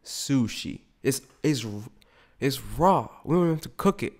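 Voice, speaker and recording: Speaking at an unhurried pace, the young male podcast host has a mid-range voice with lively intonation. His monologue is rambling, comedic and full of swearing, and he slips into impressions of the people he describes.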